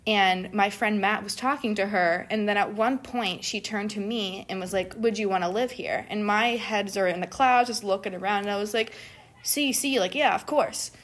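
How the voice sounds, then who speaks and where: A young woman talks casually and animatedly, leaning on "like" and slipping into the voices of the people she quotes. Her voice sits at an ordinary middle pitch for a woman. It is an everyday storytelling chat. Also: moderate pace, hardly any pauses. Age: young adult. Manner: animated, acts out quoted people, says "like" often. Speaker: guest telling a study-abroad story.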